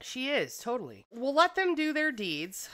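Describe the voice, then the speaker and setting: This is a woman hosting a casual gaming video, exclaiming and cajoling as she directs her game characters. Her voice sits high and bright. Her pitch swings all over the place. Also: sing-song, normal speed. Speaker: gaming channel host. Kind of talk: casual let's-play commentary.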